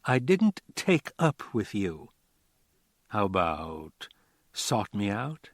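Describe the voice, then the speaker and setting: A man's voice: on the low side, big pitch swings, takes it slowly, dry recording, studio quality, heavily acted. A man reading an audiobook, voicing an edgy, self-conscious woman nearing thirty. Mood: sharp. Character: nervous woman about to turn thirty.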